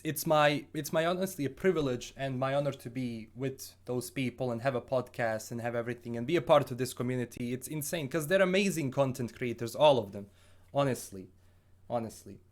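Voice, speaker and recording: A man from Bosnia with a Bosnian accent, hosting a casual gaming livestream and answering viewer questions in an upbeat, rambling way with frequent restarts. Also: mid-range voice.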